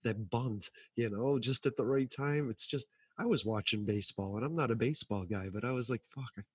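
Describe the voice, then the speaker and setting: A man in casual chat, animated, swearing freely and acting out what people said. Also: mid-range voice, fairly quick, breathy edge, no room sound.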